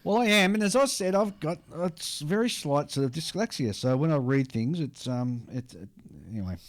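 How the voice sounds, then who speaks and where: A man's voice: fairly high pitch, animated, moderate pace. An Australian man co-hosting a hobby podcast, chatting casually and reading out listener mail, rambling and laughing at himself. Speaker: podcast co-host.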